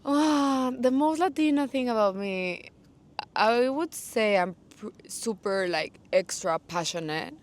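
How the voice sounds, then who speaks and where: A young woman from Mexico, a guest in a casual interview, talking in a lively, passionate way full of "like". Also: on the high side, slow. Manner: animated, passionate, says "like" a lot. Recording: noisy, without a mic.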